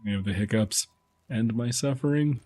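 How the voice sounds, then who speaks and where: A man streaming a game, chatting casually and playfully teasing his chat, often dropping into quiet muttering. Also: medium pitch, normal speed. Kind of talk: casual live-stream commentary.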